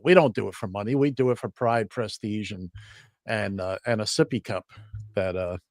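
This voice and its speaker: A man hosting a casual radio talk show, rambling with a dry humor and plenty of halting fillers. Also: mid-range voice, a little mellow, no room sound.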